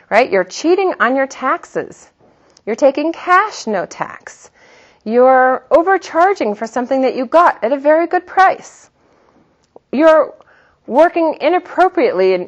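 Lively middle-aged woman teaching, muffled. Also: sits high. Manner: animated storyteller, laughs often. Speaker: religious teacher. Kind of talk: religious talk with personal stories. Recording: slightly muffled recording.

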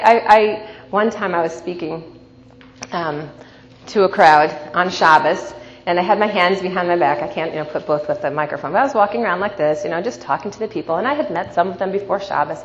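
A woman teaching a class as a coach, telling lively stories and often checking in with "right?". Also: lowish voice, a little fast. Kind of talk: storytelling lecture to an audience. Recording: dull recording in a reverberant hall, faint noise.

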